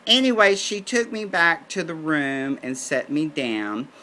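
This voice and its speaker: A man's voice: on the high side, a little slow, pushed and bright. A man telling a comic story in a campy, gossipy, exasperated way, addressing listeners as honey.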